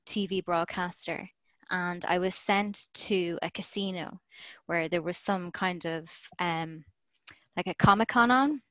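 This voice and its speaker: A woman's voice: on the low side, a bit bright, no echo, rough recording. A woman in her thirties from Ireland with an Irish accent, a podcast guest telling her story in a chatty way, laughing often and acting out what people said. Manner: chatty, laughs often, acts out quoted lines. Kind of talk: casual storytelling in an interview. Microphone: remote call.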